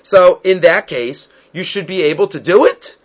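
A man teaching a Talmud class, reading Aramaic texts and explaining them in an animated, searching way. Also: sits high, normal speed. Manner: animated, acts out quoted rabbis. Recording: dull lo-fi sound.

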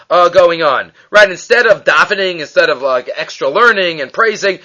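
Lively, high-voiced man teaching Talmud. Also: moderate pace, few pauses. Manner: reads Aramaic lines then translates, animated storytelling. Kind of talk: daily page study lesson. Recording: dull lo-fi recording.

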